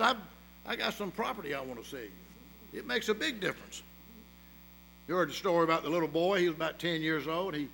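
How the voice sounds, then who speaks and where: A man's voice: fairly high pitch, animated, fast, vocal fry, pauses often, fairly bright tone, slight background noise, low-quality recording. A man preaching a sermon, emphatic, with rhetorical questions and storytelling. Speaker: pastor.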